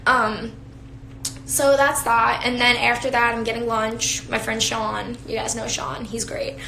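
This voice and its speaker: A woman's voice: fairly high pitch, level tone, measured pace, creaky, pushed and bright, slight background noise. A young woman chatting casually with viewers on a phone live stream, talkative and giggly, with lots of fillers. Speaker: beauty influencer. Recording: echoey room, faint ambience.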